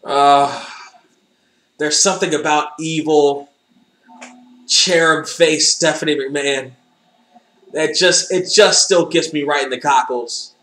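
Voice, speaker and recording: A man's voice: fairly high pitch, fairly even intonation, slow pace, pauses often, sharp tone, echoey room. A man casually reacting to old wrestling footage, sarcastic and joking, swearing freely. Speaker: commentator watching wrestling footage.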